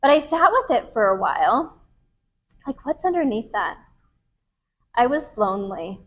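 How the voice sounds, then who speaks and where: A woman's voice: on the high side, big pitch swings, a little slow, breathy edge. A woman in her thirties, a podcast host telling a candid personal story to a live group in a casual, frank way. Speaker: podcast host and retreat leader.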